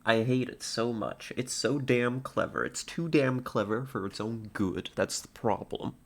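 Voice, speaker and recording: A man's voice: mid-range voice, a little slow. A man streaming live, chatting casually with viewers, laughing often and stumbling over his words. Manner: giggly, stammering, reads out chat puns.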